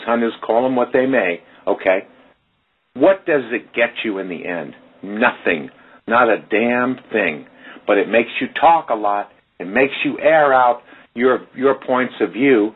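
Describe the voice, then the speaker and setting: Radio host, male, emphatic and preachy, husky, phone-line sound. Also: medium pitch. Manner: emphatic, preachy, addresses listeners directly. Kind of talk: casual radio talk.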